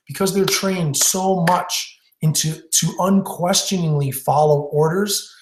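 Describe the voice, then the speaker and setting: A man teaching stage hypnosis in a webinar, telling a story in a conversational way with fillers and restarts. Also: fairly high pitch. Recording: roomy echo.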